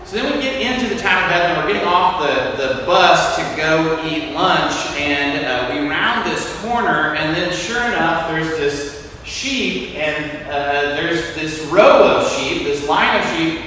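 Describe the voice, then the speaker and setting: A man preaching a sermon as a priest, telling a story in a relaxed, conversational way with frequent fillers. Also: fairly high pitch, measured pace, slight background noise. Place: large church. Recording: echoey church hall, from far off.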